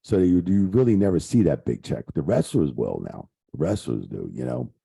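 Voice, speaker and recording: In a relaxed interview, a retired wrestling referee in middle age rambles through profane, filler-heavy stories at a normal speed. His extremely low, dark voice has vocal fry, a breathy edge, and big pitch swings.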